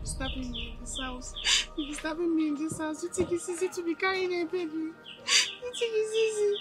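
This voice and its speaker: An actress with a Nigerian accent playing a desperate pregnant wife, tearful and pleading. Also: female voice, very high-pitched, a little fast, loud music behind the voice. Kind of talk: Nollywood film acting.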